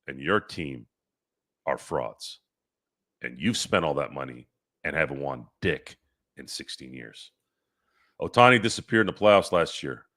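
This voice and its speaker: Deep-voiced man arguing with chat. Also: a bit bright. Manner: argumentative, fires back at chat comments; rambling with restarts. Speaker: sports stream host. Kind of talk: casual live-stream chat reading comments.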